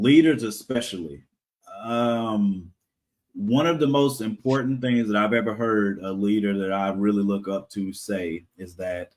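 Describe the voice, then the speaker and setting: A man's voice: fairly low pitch, darkish tone. A man, a comic creator guest, talking casually in a podcast interview, rambling with fillers and frequent laughs.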